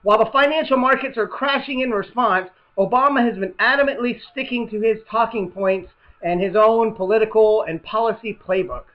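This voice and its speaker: High-voiced sarcastic male show host. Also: brisk, hardly any pauses. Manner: sarcastic, rambling, with many fillers. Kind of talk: satirical political news monologue. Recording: dull lo-fi recording.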